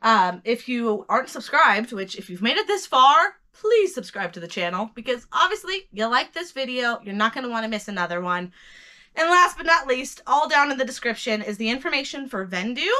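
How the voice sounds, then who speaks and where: An American woman excitedly recapping her resale sales to viewers, chatty and addressing them as friends, her voice a bit worn from talking. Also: fairly high pitch, a little fast. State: losing her voice. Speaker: reseller vlogger. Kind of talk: casual haul recap to camera.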